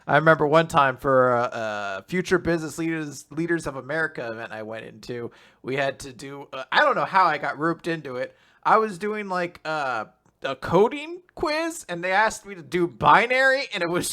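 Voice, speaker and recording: A young adult man co-hosting a casual manga recap podcast, animated and laughing often as he acts out scenes. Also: fairly high pitch, fairly quick. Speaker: podcast co-host.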